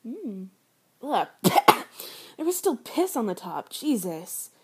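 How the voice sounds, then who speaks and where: A woman performing an adult audio role-play, teasing and sarcastic, often slipping into soft whispers. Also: a little high, very animated, slow pace, breathy edge.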